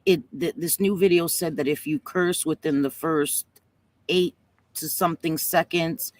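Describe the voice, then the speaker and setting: Chatty and affectionate, a livestream host calls her viewers "sweetie pie" and sometimes struggles to hold back tears. Her low voice has fairly even intonation and a measured pace.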